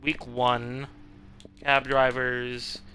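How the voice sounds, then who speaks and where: Young male streamer, bright tense tone, swears freely, laughs easily. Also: mid-range voice, flat delivery, drawn-out words, a little hiss or hum. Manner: swears a lot, laughs at his own jokes. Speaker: streamer playing a game. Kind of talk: casual gameplay commentary.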